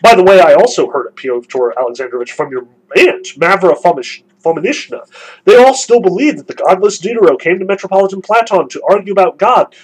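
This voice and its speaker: A blustering old buffoon of a father rambles through a mock-pious tale and a mock confession, read aloud by a man. The voice is husky and sits fairly high. He sounds theatrical and self-amused. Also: animated, fairly quick, poor audio. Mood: confessional. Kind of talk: reading aloud from a novel.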